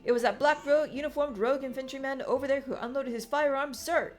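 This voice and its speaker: A woman's voice: high voice, fast talker, voice pushed up, natural voice. A woman voicing a stiff male army sergeant with a put-on military bark. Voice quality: barking, military.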